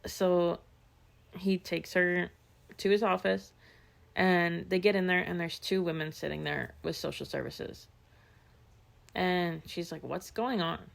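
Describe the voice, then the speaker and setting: A woman's voice: fairly low pitch, little pitch movement, slow, gravelly, long pauses. A woman co-hosting a podcast, casually retelling true-crime stories with lots of fillers and quoted asides. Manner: chatty storyteller, many fillers and quoted asides. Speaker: podcast co-host.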